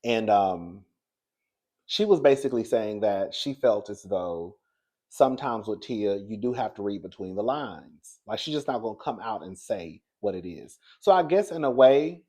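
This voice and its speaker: Speaking at a moderate speed, he gives chatty celebrity gossip with a sassy attitude. Low murmurs alternate with high bursts of excitement, and he keeps calling viewers "girl."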